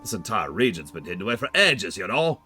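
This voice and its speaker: Man playing a jovial scheming speculator; heavy German accent, big swings in pitch. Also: very animated, fast, sharp tone, faint music behind. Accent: exaggerated German. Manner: jovial, grand. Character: smug wealthy male speculator, jovial and scheming.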